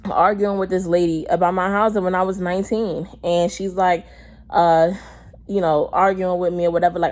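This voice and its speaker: Low-voiced young New woman. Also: fairly even intonation, normal speed, darkish tone. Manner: candid and heated, with frequent cursing. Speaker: vlogger. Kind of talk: casual storytelling.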